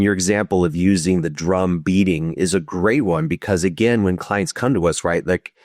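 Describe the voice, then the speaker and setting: Deep-voiced man explaining therapy calmly. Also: dry recording, studio quality. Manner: thoughtful, explanatory, acts out inner voices. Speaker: psychotherapist guest. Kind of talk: conversational podcast interview.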